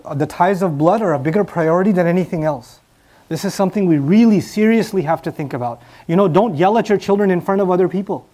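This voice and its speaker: Earnest high-voiced male preacher. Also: warm tone. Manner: earnest, repeats key phrases for emphasis; asks the listeners rhetorical questions. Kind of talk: sermon.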